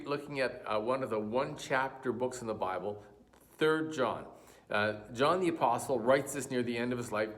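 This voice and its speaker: A man giving a church sermon, telling a joke story and reading scripture, with frequent fillers and restarts. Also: medium pitch. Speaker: pastor.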